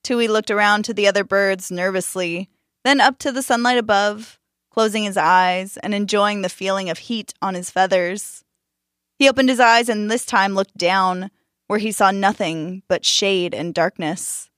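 A woman narrating a scripted story in a calm, measured and expressive way. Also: mid-range voice, no room sound, clean studio sound.

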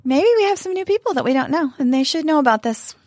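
A woman's voice: high voice, animated, quick pace, a little mellow, no echo, clean studio sound. A middle-aged woman co-hosting a casual chat show, enthusiastic and prone to repeating herself. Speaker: podcast co-host.

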